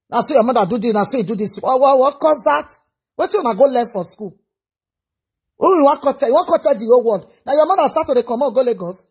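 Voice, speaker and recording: A woman scolds and lectures at length. Her voice is husky and breathy, and she switches between English and a local language. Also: high voice. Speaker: commentator. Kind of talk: scolding commentary.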